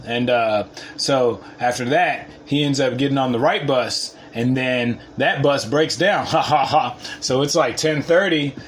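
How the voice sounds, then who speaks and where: A man telling a story in a casual, profane way, laughing often and swinging from mumbled asides to loud boasts. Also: mid-range voice, slight background noise.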